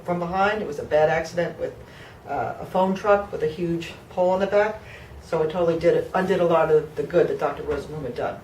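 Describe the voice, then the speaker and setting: A woman's voice: on the low side, darkish tone, roomy sound, recorded from a distance, a little hiss or hum, rough recording. A woman of fifty from New Jersey giving an emotional patient testimonial, heartfelt and close to tears, with fillers and restarts. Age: 50s.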